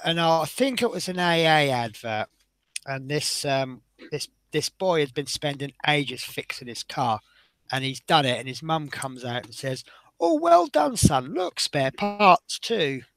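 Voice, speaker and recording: A man's voice: a little high, lively intonation, normal speed, fairly bright tone, no echo. A man chatting casually as he builds a scale model, rambling and often breaking off mid-sentence. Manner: chatty, rambling, self-interrupting.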